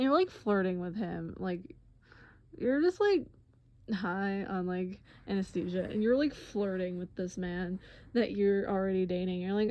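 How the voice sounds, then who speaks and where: A woman's voice: medium pitch, a little slow, no room sound. Chatty woman narrating, full of fillers. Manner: chatty, lots of 'like' fillers, animated. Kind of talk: casual storytelling. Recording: dull lo-fi recording.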